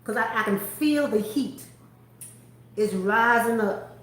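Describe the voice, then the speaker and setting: A woman hosting a faith-based chat, telling a story with animated delivery and acting out the people in it. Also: a little high, slow pace. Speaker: host. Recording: echoey room.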